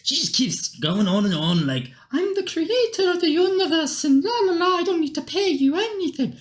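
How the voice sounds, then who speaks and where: A man improvising a dragon story with a partner. His delivery is playful, and his pitch moves in lively swings. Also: moderate pace. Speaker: role-play partner playing a dragon.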